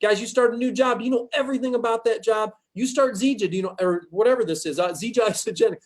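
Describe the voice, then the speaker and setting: A man leading a team training call, giving an energetic, folksy pep talk over a video call. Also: extremely high pitch, quick pace. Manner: energetic, folksy, pumps up listeners with "guys". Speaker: team leader hosting a sales training call.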